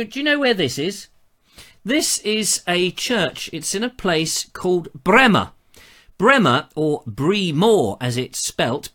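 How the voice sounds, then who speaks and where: Bright, lively English man chatting. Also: fairly high pitch. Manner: chatty, digressive, playful, with many fillers. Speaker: host of a live online show. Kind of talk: rambling live-show chat.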